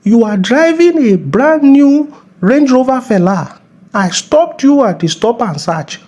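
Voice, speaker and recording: A man's voice: extremely high pitch, animated, a little slow, darkish tone, heavily acted. A man playing a mocking Nigerian cop. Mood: scolding. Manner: scolding, mocking, bossy. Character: bullying middle-aged male traffic cop. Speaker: police officer character in a comedy skit.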